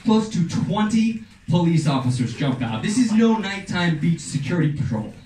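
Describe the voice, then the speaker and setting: Animated young male storyteller. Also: sits high, normal speed, recorded from a distance. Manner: animated, punchy, dramatic delivery. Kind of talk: live storytelling performance. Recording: echoey room, voice off-mic, faint noise.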